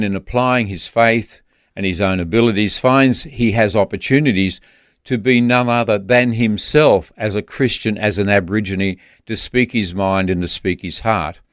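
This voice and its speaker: Earnest Australian man, low and dry. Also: no echo. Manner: earnest, halting with many restarts. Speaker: guest author. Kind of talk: storytelling in a radio interview.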